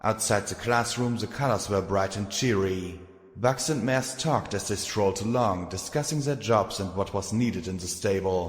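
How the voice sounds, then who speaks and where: A man narrating a fan fiction audiobook in a steady, measured way. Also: lowish voice. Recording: echoey room with long reverb.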